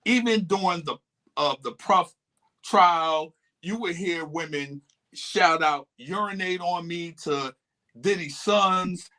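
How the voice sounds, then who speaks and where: A man co-hosting a casual podcast, making his points with emphasis and frequent restarts. His voice sits a little high and sounds bright and forward. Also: slow pace. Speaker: podcast co-host. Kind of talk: casual chat.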